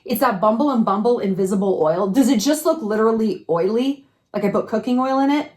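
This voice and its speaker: A woman's voice: a little high, fairly quick, darkish tone. A woman giving frank advice in a casual monologue to camera, swearing freely and firing rhetorical questions. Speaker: advice vlogger. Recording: echoey room.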